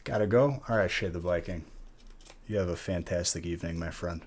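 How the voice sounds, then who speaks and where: A man's voice: sits low, fairly quick, darkish tone, slight background noise. A man hosting a live stream while opening card packs. He chats casually and jokes with viewers, greeting them by name. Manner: laid-back, joking, talks to chat by name.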